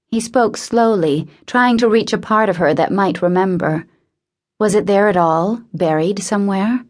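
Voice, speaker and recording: A woman reading a novel aloud in a measured, intimate narration. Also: mid-range voice. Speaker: audiobook narrator. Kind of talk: scripted narration.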